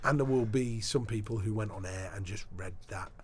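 Lively, low-voiced man telling stories. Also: moderate pace, slight background noise. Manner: animated anecdotal storyteller with frequent restarts. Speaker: sports broadcaster guest. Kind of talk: casual interview storytelling.

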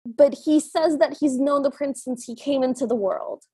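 A woman's voice: high voice, normal speed, dark tone, no room sound. A woman co-hosting a podcast, casually recapping a film in a chatty, giggly way and acting out the scenes as she goes. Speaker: podcast co-host.

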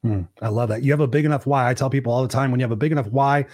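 Male podcast host, 40s, rapid motivational storyteller, dry close sound. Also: medium pitch, a little mellow, no echo. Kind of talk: casual interview conversation.

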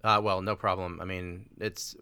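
A man's voice: sits low, level tone, normal speed, bright, forceful tone, smooth, dry recording. A middle-aged man hosting a casual conversation, laughing often and telling a self-deprecating joke. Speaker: podcast host.

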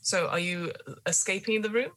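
A woman's voice: mid-range voice, moderate pace, a bit bright, low-quality recording. A woman running a tabletop role-playing game, describing scenes in a hesitant way full of fillers. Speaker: game master.

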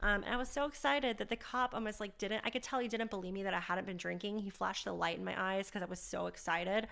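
Woman podcast host telling her story, lively and candid, bit of a gravelly edge. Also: mid-range voice, quick pace. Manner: candid, animated storytelling with laughs. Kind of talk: personal storytelling.

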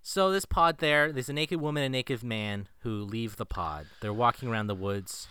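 A man's voice: mid-range voice, moderate pace, bright, forceful tone, clean tone, no echo. A man co-hosting a casual movie-review chat, summarizing the plot in a laid-back, wry way. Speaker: podcast co-host.

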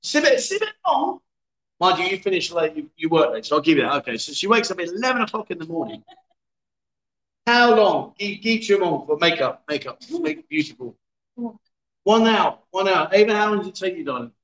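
Jokey man in his fifties, bright. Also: high-pitched, big pitch swings, brisk, echoey room. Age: 50s. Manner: jokey, laughing, chatty banter. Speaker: livestream host. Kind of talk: casual livestream chat reading viewer comments. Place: bar in a city.

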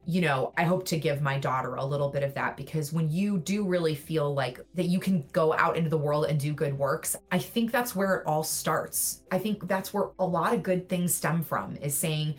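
Woman founder, low voice, earnest and reflective, casual interview guest. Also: moderate pace, few pauses. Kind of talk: conversational interview.

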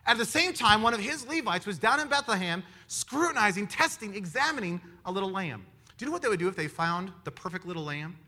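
A man preaching a sermon in an animated way, firing rhetorical questions at his listeners. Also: high-pitched. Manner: animated, asks the audience many rhetorical questions.

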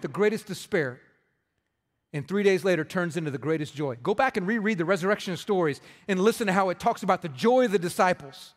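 A man in his thirties, a pastor preaching a sermon, impassioned and rising to loud emphatic peaks. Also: high voice, expressive, fairly quick. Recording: long reverb of a large hall.

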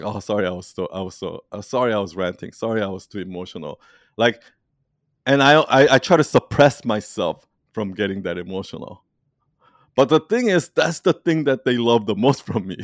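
A man leading an online community, talking casually in an animated, rambling way and laughing often. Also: on the low side, dry recording, clean studio sound. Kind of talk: casual conversation.

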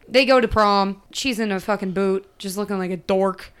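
Smooth-voiced, sarcastic woman recapping. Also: medium pitch, moderate pace. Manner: lively, sarcastic, swears freely, acts out the characters. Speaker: podcast host. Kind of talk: casual chat, recapping a film.

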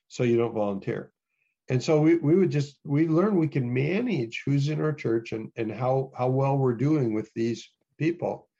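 Earnest American pastor, dull lo-fi recording. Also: male voice, mid-range voice, a little mellow, breathy edge. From United States. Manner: earnest, repeats words while thinking. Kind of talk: casual interview storytelling.

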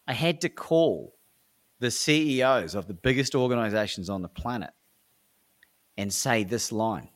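Speaking a little slowly and pausing often, an Australian man with a mid-range voice, a speaker and coach, tells animated stories as an interview guest. He's energetic, performs the dialogue himself, and frequently restarts his lines.

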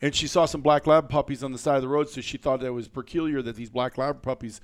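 A man telling a story as a guest on a podcast, in a lively, colorful way with some mild cursing. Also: mid-range voice, quick pace. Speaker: guest hunter.

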